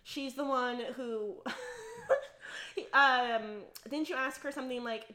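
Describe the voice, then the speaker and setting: Woman, podcast host, high pitch, sharp bright tone, teasing, faint background noise. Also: sing-song. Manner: quick, teasing interjections. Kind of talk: casual chat.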